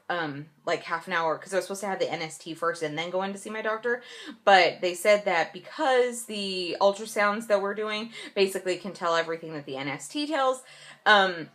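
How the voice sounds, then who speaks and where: A woman's voice: lowish voice, fairly bright tone. A pregnant young woman vlogging a casual update, telling her story with fillers and restarts and mimicking people sarcastically. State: late in pregnancy.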